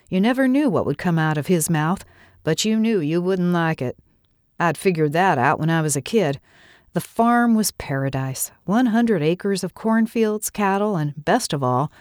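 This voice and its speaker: A woman's voice: lowish voice, lively intonation, moderate pace, a little mellow, no room sound, studio quality. A middle-aged woman narrating a first-person story in an earnest, reflective way.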